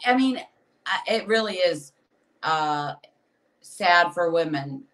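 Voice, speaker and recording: A woman's voice: fairly low pitch, takes it slowly, poor audio. Candid woman comedian venting as a guest. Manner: candid, animated venting with acted asides. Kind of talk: casual podcast chat.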